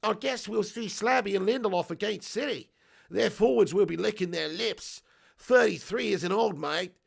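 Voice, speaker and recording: A cheeky older Australian bloke, broad and matey in his accent, as a man puts him on, pitched higher and louder than a plain voice. He sounds like a seasoned old-timer offering friendly advice, with a gravelly crackle under the words. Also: moderate pace, heavily acted. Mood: jovial. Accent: Australian, put on.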